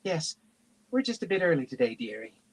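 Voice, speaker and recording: A man voicing a calm, motherly woman who speaks soothingly during a book reading. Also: medium pitch, a little fast, voice pushed up, lightly acted, low-quality recording. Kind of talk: audiobook-style reading.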